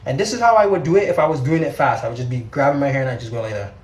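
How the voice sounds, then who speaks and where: A young man from Canada, speaking with a Canadian accent, talks rapid-fire in a mid-range voice while chatting on a hair tutorial livestream. He is relaxed and slangy and tends to repeat words. It's recorded in an echoey room.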